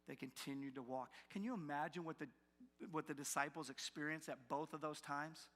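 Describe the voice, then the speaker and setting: A man preaching a sermon as pastor, animated, acting out the doubting voices of the people he describes. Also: on the high side, a little fast. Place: church sanctuary. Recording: long hall reverb from a church.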